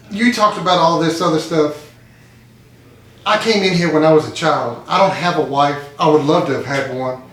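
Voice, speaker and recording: A man's voice: a little high, a bit bright. Earnest man telling his story. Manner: earnest, storytelling, repeats phrases for emphasis. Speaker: support group member. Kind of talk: emotional personal testimony. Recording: echoey room.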